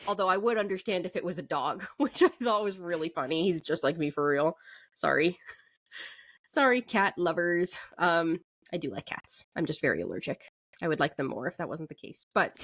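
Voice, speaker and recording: A woman with a slightly low voice co-hosts an anime discussion podcast. She talks in a chatty, reflective way, breaking into laughter now and then. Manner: chatty, thoughtful, laughs often. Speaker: podcast co-host.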